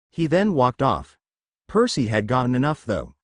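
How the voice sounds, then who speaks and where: Male narrator, lively pitch, dry close sound, fan-fiction reading. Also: normal speed, no echo.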